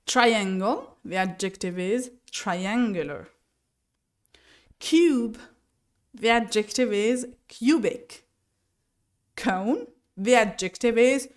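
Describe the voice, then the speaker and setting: A woman teacher explaining English vocabulary and pronunciation slowly and deliberately, sometimes correcting herself. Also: a little high. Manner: slow and deliberate, spelling out each word with self-corrections. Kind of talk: recorded lesson explanation.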